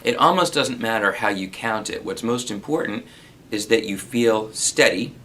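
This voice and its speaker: A man giving a relaxed spoken guitar lesson, explaining strumming and counting beats out loud. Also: fairly low pitch, normal speed, a little hiss or hum, low-quality recording. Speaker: guitar teacher.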